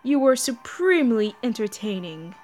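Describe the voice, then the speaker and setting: A woman's voice: fairly high pitch, very animated, normal speed, a little mellow, soft background music. A woman voicing a monstrous demon god collective in a game, taunting and laughing theatrically while reading the dialogue aloud. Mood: mocking.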